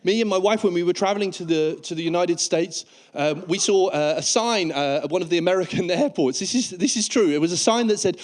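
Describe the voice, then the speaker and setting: High-voiced British stand-up comedian. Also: male voice, fairly quick. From United Kingdom. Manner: animated, acts out panicky characters in high squeaky bursts. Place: comedy stage before a live audience.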